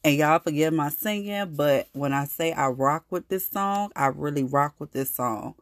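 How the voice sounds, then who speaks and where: A woman's voice: low voice, normal speed, dry recording, clean studio sound. A woman hosting a casual faith-based podcast, talking earnestly and conversationally, growing emphatic when she declares her faith. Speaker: podcast host.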